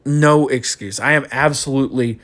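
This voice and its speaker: A man's voice: mid-range voice, moderate pace, fairly bright tone. A young man giving a frustrated postgame rant as a college football fan, repeating himself and ranting.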